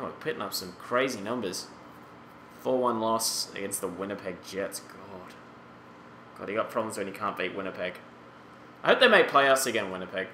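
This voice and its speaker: A man's voice: fairly low pitch, a bit bright, reverberant, a little hiss or hum. A man in his late twenties giving casual, rambling commentary over a hockey video game and exclaiming at the results. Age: 20s. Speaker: gaming YouTuber.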